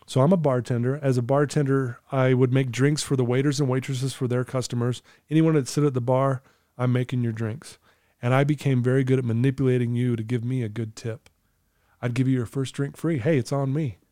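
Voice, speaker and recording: A man's voice: mid-range voice, level tone, a little fast, mellow, dry recording, clean studio sound. A man in his fifties, a recovery coach, telling a personal story as a podcast guest in an earnest, emotional way, laughing easily.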